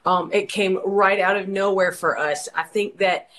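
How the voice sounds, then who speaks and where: A woman's voice: mid-range voice, steady tone, unhurried, fairly bright tone, low-quality recording. A woman from Georgia, giving a passionate, preacher-like testimony about her ministry in an interview. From Georgia, USA. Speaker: worship leader and ministry co-founder.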